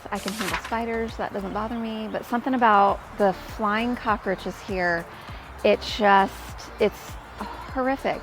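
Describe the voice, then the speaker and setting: Woman, thirties, chatty storyteller, gravelly fry, soft music behind. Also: a little high. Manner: chatty, storytelling, laughs and squeals. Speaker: real estate agent. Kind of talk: casual talking-to-camera vlog. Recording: faint background music.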